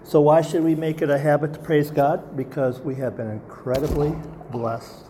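A man's voice: a little high, steady tone, normal speed, noisy background. A man preaching a sermon as pastor, earnest and asking the congregation rhetorical questions.

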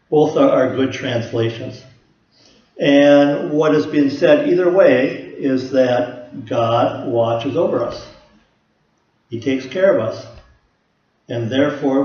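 A man preaching a sermon to a congregation, earnest and steady, asking rhetorical questions. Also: mid-range voice. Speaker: pastor. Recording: echoey room, slightly dull sound.

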